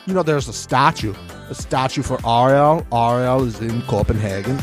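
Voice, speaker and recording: A man's voice: a little high, very animated, fast, over music. A man putting on a fake European accent to play a pompous, chain-smoking male fashion reporter. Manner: fake European accent, drawling, self-important.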